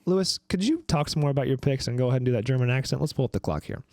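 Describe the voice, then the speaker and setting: A man's voice: medium pitch, lively intonation, rapid-fire, a little mellow, dry recording, studio quality. A man hosting a casual podcast game, running the clock and counting down. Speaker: game host.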